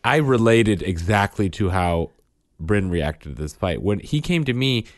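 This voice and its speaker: Animated man rambling on a podcast. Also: on the low side, measured pace, dry recording, studio quality. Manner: rambling, self-interrupting, earnest. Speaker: podcast co-host. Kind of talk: casual chat.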